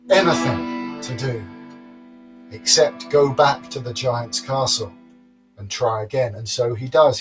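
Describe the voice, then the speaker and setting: Slow, dramatic male storyteller. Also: mid-range voice. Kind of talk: livestreamed folktale telling.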